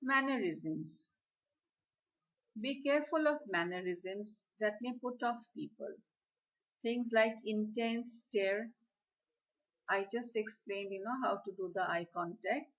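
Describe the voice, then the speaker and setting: A woman giving a slide lecture on communication skills, speaking in a deliberate, instructive way. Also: medium pitch. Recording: slightly dull, lo-fi audio.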